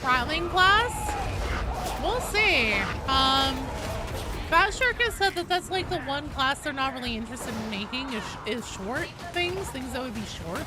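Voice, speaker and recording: Game music plays behind a woman streamer as she chats casually with viewers during play, greeting people in chat and swearing freely. Her high-pitched voice is expressive and moves at a measured pace.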